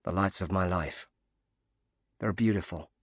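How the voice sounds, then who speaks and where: Earnest British dad, read by a male narrator, low voice, soft and moved, dry studio sound. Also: unhurried, no room sound. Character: grateful, emotional British widowed father.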